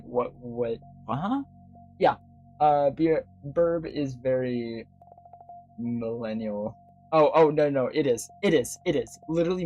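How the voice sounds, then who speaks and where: A livestream host chatting casually with viewers, rambling with many fillers and restarts and laughing often. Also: medium pitch. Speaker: livestream host talking to chat. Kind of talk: casual chat.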